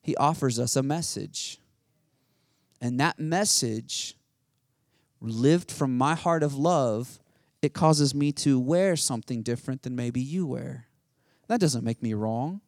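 A man's voice: medium pitch, slow, darkish tone, no echo, studio quality. A man preaching a sermon, rousing and full of rhetorical questions and call-outs to the congregation. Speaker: pastor.

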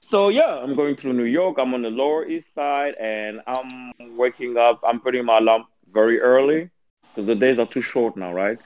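French-accented man telling lively stories. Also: mid-range voice. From Angola. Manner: animated, laughing, halting restarts. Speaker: guest. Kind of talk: casual storytelling chat.

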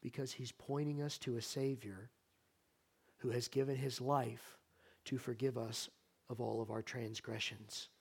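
A man preaching a sermon as pastor in a church sanctuary, with impassioned delivery that moves between loud exhortation and soft, earnest appeals, questioning the congregation directly. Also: medium pitch, fairly even intonation, measured pace, breathy edge.

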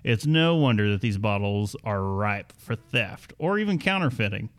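A man's voice: lowish voice, expressive, moderate pace, a bit bright. A young adult man co-hosting a casual chat, reading news items aloud with a wry tone and frequent laughs. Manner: chatty, laughs often, reads news in a wry tone. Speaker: podcast co-host.

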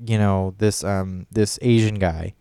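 A man's voice: on the low side, fairly even intonation, a little slow, dark tone, clear, resonant tone, no echo. A man telling a story in a casual podcast chat, rambling and swearing often. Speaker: podcast co-host.

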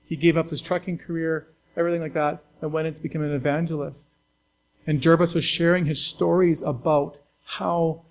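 A man's voice: a little high, rough recording. A man pastor delivering a conversational, earnest sermon to his church, with fillers and restarts.

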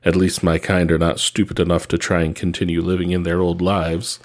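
A man's voice: low voice, level tone, a little fast. A man voicing an arrogant, sneering warrior villain in a read-aloud story, with a taunting manner.

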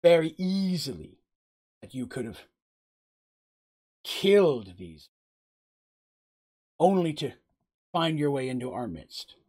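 A man voicing a calm, sly older stranger who speaks in a dry, knowing way. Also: fairly high pitch, slow, long pauses, slightly rough, exaggerated voice. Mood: distrustful.

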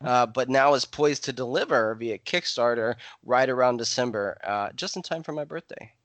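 A man's voice: medium pitch, moderate pace, fairly bright tone, dry recording. Upbeat podcast host guy, playful hype, dry close mic. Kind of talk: casual podcast chat.

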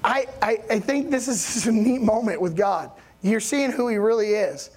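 A man preaching a conversational sermon as pastor in a church, keeping a chatty, animated tone and often checking that his congregation follows along. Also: sits high, normal speed. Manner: animated, rising emphasis on key points.

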